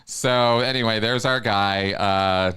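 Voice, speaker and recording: A man's voice: on the low side, steady tone, slow, pushed and bright, clean tone. A man hosting a casual livestream chat, rambling with many restarts. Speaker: host.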